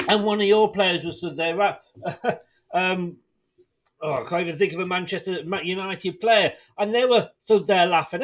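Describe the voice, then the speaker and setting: A man from England hosting a football fan live stream, greeting viewers and ranting with frustration and swearing. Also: sits high. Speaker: fan channel host.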